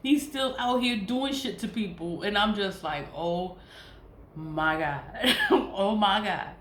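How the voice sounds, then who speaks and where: An American woman vlogger speaks at a slow pace in a medium-pitched, fairly bright voice. She vents in a casual, profane, exasperated monologue, laughing often between complaints. The room is echoey with faint noise.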